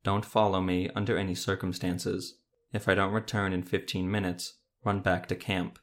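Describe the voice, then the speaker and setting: A man voicing a gruff grown monster hunter who speaks curtly and firmly. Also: deep voice, level tone, normal speed, fairly bright tone.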